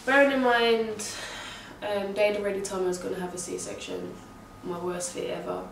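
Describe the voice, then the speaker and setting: Animated woman telling a birth story. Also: mid-range voice, moderate pace, a little hiss or hum. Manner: animated, swearing, slangy retelling. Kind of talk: casual storytelling. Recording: echoey room heard from a distance.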